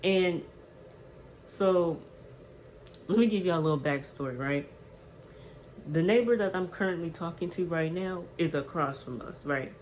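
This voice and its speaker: A woman around twenty telling a storytime on her vlog, animated and chatty, checking in with "right?" as she goes. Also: on the low side, a little slow, long pauses, slight background noise, low-quality recording. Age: 20s. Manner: animated, repeats "right?" to the viewer. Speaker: vlogger.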